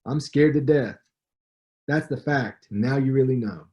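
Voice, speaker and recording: A man's voice: medium pitch, measured pace, dark tone, dull audio, close to an everyday voice. A man reading the lines of a cocky young heavyweight boxer, who is brash but frightened, in a raised, emphatic voice.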